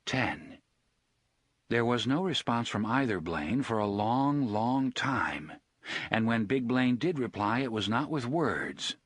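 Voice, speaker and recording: A man narrating an audiobook in a steady, expressive reading voice. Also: medium pitch, takes it slowly, dry recording, clean studio sound.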